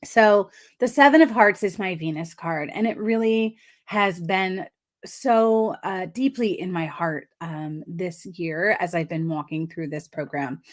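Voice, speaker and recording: Soft-spoken woman giving an affirming reading. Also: fairly low pitch, a little slow. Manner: soft, affirming, reflective, with frequent "right?" check-ins. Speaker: numerology reader and coach. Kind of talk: live-stream card reading.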